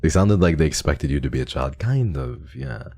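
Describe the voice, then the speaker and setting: His voice rumbles low with a creaky, slightly mellow, sing-song quality at normal speed. Streaming live, the man chats casually and tells a meandering story, often starting over.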